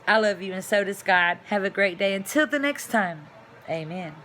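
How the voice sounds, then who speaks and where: In her vlog, a chatty middle-aged woman rambles casually to camera before a loud sign-off. She speaks at normal speed in a mid-range voice with lively intonation, and there's slight background noise.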